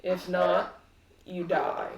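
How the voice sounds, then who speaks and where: A woman's voice: lowish voice, completely flat delivery, creaky, recorded from a distance, muffled recording, heavily acted. A woman doing a gloating, taunting male villain. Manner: slow, taunting and loud. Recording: echoey room.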